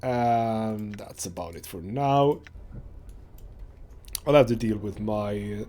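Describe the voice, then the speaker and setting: A man's voice: fairly low pitch, slow pace, warm tone. A man hosting a let's play, chatting casually and reading game dialogue aloud. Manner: chatty, rambling with fillers.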